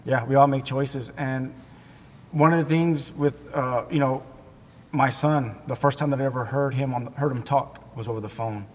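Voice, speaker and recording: A man in his forties from Texas, telling his life story as an interview guest in a halting way, with restarts, acting out the voices of people in it. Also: fairly even intonation, a little mellow. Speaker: guest sharing his testimony. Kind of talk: emotional personal storytelling in an interview. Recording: long hall reverb with faint rumble.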